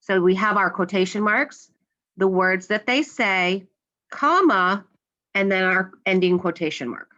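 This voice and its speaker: Lady teacher going over punctuation rules slowly and patiently, kinda muffled dull recording. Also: mid-range voice, bright, forceful tone. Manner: patient, explains step by step, acts out example lines. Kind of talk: classroom grammar lesson.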